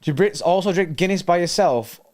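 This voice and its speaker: A man's voice: sits high, normal speed, a little mellow. Laid-back young man. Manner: laid-back, rambling, slangy. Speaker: co-host of a football watchalong stream. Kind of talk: casual chat.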